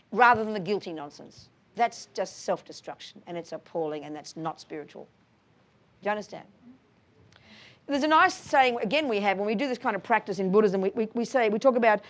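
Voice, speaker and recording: Blunt, emphatic woman lecturer. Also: on the high side. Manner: blunt, emphatic, calls listeners darling and sweetheart; asks listeners tag questions. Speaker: Buddhist teacher giving a talk. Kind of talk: lively lecture with audience questions.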